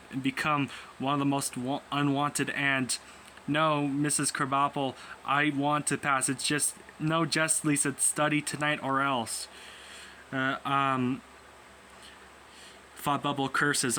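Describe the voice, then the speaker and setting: A man's voice: mid-range voice, bright, forceful tone. A young man casually reading a comic aloud, voicing every character in his own voice and stumbling over words as he goes. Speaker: comic reader. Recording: faint background noise.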